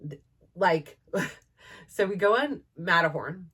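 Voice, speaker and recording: A woman's voice: lowish voice, expressive, slow pace, a bit bright, breathy edge. A woman in her thirties telling a casual story as a podcast host, rambling with lots of "like" and "um" and laughing often.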